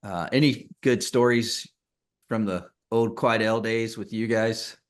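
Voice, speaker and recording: A man's voice: on the low side, steady tone, unhurried. A man hosting a casual podcast interview, asking loose, rambling questions in an easygoing way and laughing often. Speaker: podcast host, publisher.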